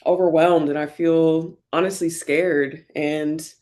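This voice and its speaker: A woman's voice: low-pitched, fairly even intonation, takes it slowly. A woman vlogger talking candidly and reflectively while getting ready, often using fillers and sometimes close to tears. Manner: reflective, soft-spoken, many fillers; emotional, near tears at times. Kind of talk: candid get-ready-with-me talk.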